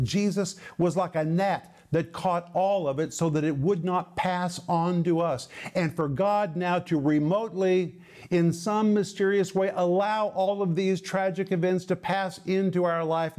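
A male preacher delivers a sermon in a fairly high-pitched voice. He explains words carefully and drags out key phrases to stress them. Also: a little mellow. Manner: emphatic, slows down to stress words.

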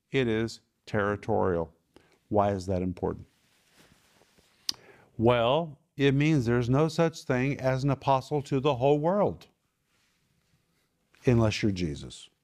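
A man's voice: mid-range voice, darkish tone. A man preaches to a small home group with an emphatic, repetitive delivery. He drills key phrases over and over and quizzes his listeners as he goes. His voice sits in the middle of the male range. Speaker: Bible teacher and TV ministry host. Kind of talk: televised Bible teaching.

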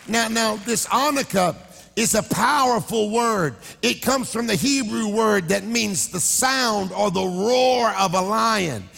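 A man preaching a sermon, shouting and sing-songing his lines and calling out to the congregation. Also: high voice, takes it slowly, creaky, in a large hall. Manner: shouting, sing-song preaching with crowd call-outs. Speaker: pastor. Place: church sanctuary.

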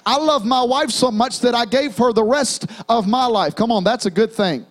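A man's voice: very high-pitched, normal speed. A young man preaching a sermon as a pastor in a church, calling out to the congregation and half-singing hymn lines. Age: young adult. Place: church sanctuary.

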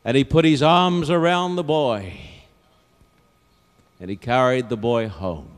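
A man preaching in a large auditorium, his voice slow, smooth and resonant. He tells a story with dramatic swings from hushed to loud, and a long reverb trails every phrase. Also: medium pitch. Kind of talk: evangelistic sermon.

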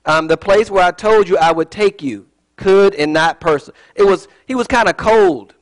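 A man's voice: high-pitched, normal speed, rough recording. A man giving a casual sermon as a Bible teacher, chatty and digressive, with joking asides.

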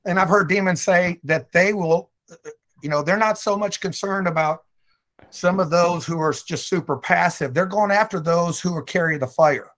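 A man's voice: high-pitched, normal speed, fairly bright tone. A man who is a guest minister, earnestly telling stories in a conversational ministry talk.

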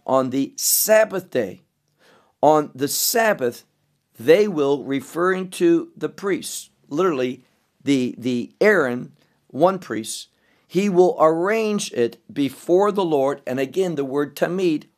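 A man teaching scripture verse by verse, reading each verse aloud and explaining the Hebrew words. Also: on the high side. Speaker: Bible teacher.

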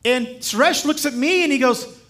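A man as guest preacher, telling stories in a sermon in a lively, humorous way and chuckling as he speaks. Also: very high-pitched, normal speed. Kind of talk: sermon with storytelling.

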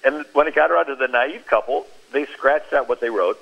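On a Christian radio talk show, a man tells stories and brings them alive by acting out what people said. His middling-pitched voice has a slight husky edge and runs a little fast, and the sound is muffled and lo-fi, like radio.

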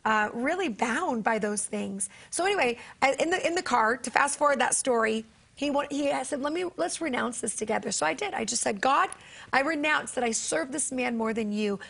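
A woman's voice: on the high side, creaky, fairly bright tone. A woman guest on a faith talk show, telling a personal story in earnest and acting out the dialogue as a preacher and author.

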